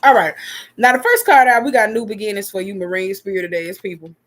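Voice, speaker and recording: A young woman reads tarot cards in a loose, casual way. She talks at an ordinary middle pitch, full of slang and swearing. Her speech keeps circling back to the same filler phrases, and she slips into little acted-out voices of imagined people. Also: a bit bright. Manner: drops into quick acted-out quotes of imagined people. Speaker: tarot reader. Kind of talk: casual tarot reading vlog.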